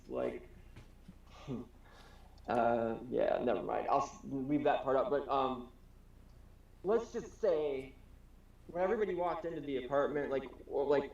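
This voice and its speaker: A gravelly, slightly mellow mid-range voice belongs to a podcast co-host from Wisconsin, USA. In casual conversation he spins a wandering tale, swearing liberally and imitating those he quotes. The home recording is roomy and a bit dull.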